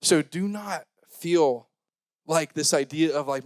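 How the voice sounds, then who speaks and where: A young man giving a youth sermon, joking and talking casually, switching between loud scripture reading and quiet mumbled asides. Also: on the high side, slow, dry recording. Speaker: youth pastor.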